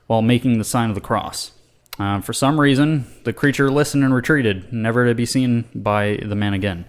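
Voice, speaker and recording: A man's voice: mid-range voice, brisk. A man co-hosting a casual podcast, rambling with lots of fillers and swearing. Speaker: podcast co-host.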